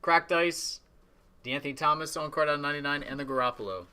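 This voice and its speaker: A man's voice: on the high side, expressive, fast talker, bright, forceful tone, clean tone. A man casually reading out trading cards as he opens packs on a live stream. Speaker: card box breaker. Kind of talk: live-streamed card break commentary.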